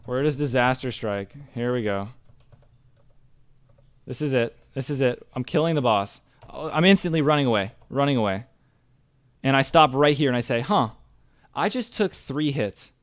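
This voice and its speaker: Smooth-voiced man ranting over gameplay. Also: mid-range voice, moderate pace, long pauses. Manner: excitable, ranting frustration. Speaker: gaming streamer. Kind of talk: live gameplay commentary.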